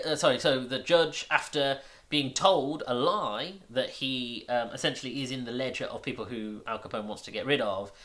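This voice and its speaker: A man's voice: fairly high pitch, bright, forceful tone. A man casually recapping and reviewing a film, rambling with many restarts and fillers, amused and incredulous at the plot.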